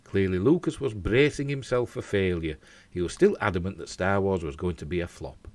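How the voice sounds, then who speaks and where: A man's voice: low voice, brisk, darkish tone, dry recording. A man with a Yorkshire accent hosting an entertainment news show, reading the story with jokey asides. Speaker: host.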